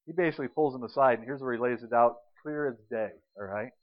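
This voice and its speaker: A man preaching an Easter sermon as pastor, animated and storytelling, acting out scenes and quotes. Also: medium pitch, fast talker, dull audio.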